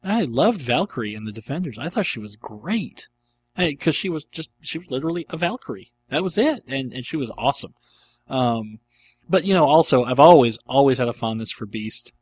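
A man's voice: mid-range voice, lively intonation, fairly quick, breathy edge. A middle-aged man hosting a casual question-and-answer show, rambling and enthusiastic, with many ums and uhs. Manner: rambling and enthusiastic, with frequent fillers. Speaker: podcast host answering listener questions. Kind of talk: casual chat.

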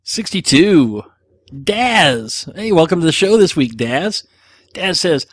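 A man's voice: fairly high pitch, very animated, slow, fairly bright tone, no room sound. A middle-aged man hosting a podcast, answering listener questions in a rambling, self-deprecating casual chat with plenty of fillers.

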